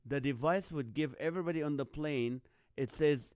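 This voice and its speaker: Man, middle-aged, live-stream host, rambling chatty talk, slightly high voice, smooth and resonant. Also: moderate pace, darkish tone, no room sound, clean studio sound. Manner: chatty and rambling, greeting viewers by name. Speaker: host of a live online show. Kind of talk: casual live-stream chat.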